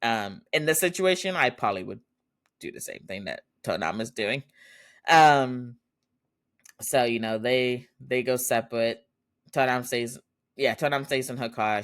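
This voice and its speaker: A man's voice: mid-range voice, unhurried, fairly bright tone, no room sound, studio quality. A man hosting a podcast, casually recapping a drama episode, laughing often and acting out the characters' lines. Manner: chatty, laughs often, acts out quotes. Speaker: podcast host.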